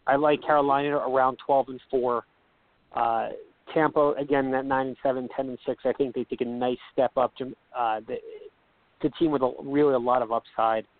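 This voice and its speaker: A man co-hosting a sports radio talk show, mumbling and halting, repeating himself as he talks. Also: mid-range voice, fairly even intonation, no echo. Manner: halting, repeats words, hard to hear. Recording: dry, phone-like line.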